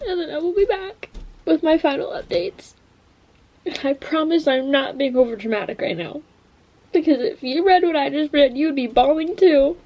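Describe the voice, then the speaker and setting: A young woman vlogs from her bedroom at home, her high voice coming through a muffled recording. She's tearful and clearly has been crying, gushing emotionally about a book and casually swearing in relaxed vlog chat.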